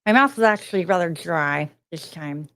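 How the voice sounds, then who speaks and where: A woman's voice: fairly low pitch, lively intonation, moderate pace, a bit bright. A woman hosting a casual livestream, chatty and self-mocking as she answers her chat. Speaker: livestream host.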